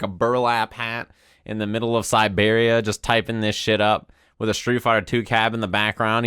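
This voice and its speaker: A man's voice: medium pitch, a bit bright, smooth, no echo, studio quality. Laid-back, profane male streamer. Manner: laid-back, profane, rambling with frequent "right?". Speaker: streamer and fighting game commentator. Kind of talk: casual stream chat. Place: home room with a window.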